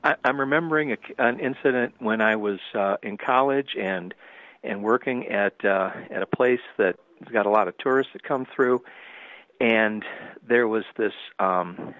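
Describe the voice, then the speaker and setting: A man's voice: on the low side, normal speed, no echo. Male caller, from Michigan, blunt, tinny phone line. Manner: blunt, opinionated. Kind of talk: casual call-in chat.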